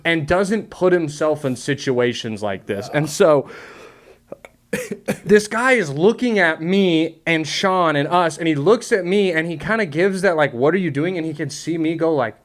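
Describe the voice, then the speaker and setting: A man hosting a podcast, telling a story in casual chat, animated, swearing and laughing often. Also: fairly high pitch, unhurried. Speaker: podcast host.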